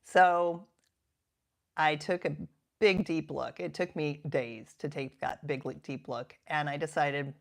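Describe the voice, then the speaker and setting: A woman in her fifties, a coach talking reflectively and earnestly, sometimes sinking to a soft half-whisper for emphasis. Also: low voice, fairly even intonation, takes it slowly, creaky, slight background noise. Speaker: coach and podcast host. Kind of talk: reflective self-help talk.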